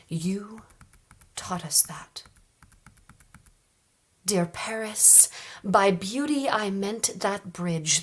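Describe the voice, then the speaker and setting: A woman reads poetry at an open mic in a soft, measured way. Her voice has a husky, airy texture, and she takes her time, letting phrases fall to a hush. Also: lowish voice. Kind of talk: poetry reading.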